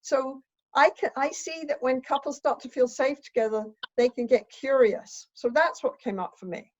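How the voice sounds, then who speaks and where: A woman's voice: high-pitched, moderate pace, a little mellow, highs cut off. An older woman, a relationship expert, explaining ideas thoughtfully in conversation with examples.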